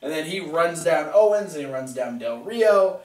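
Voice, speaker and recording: A man's voice: a little high, animated, moderate pace, darkish tone, far from the mic, slight background noise. A man casually recapping wrestling with a co-host, retelling scenes and mimicking the wrestlers' lines. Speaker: podcast co-host. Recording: echoey room, voice off-mic.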